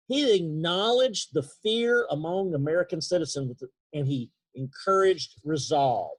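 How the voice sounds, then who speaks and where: A man with an East Texas accent giving an earnest, emphatic leadership talk on a video call, slowing down for key points. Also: a little high, animated. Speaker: leadership speaker. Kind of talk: motivational webinar talk.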